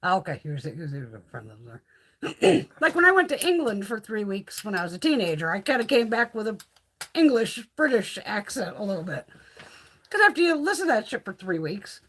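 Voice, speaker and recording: A woman from the Northeastern US hosting a livestream, chatting casually in a blunt, profane, animated way. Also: mid-range voice, a little fast, husky. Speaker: livestream host.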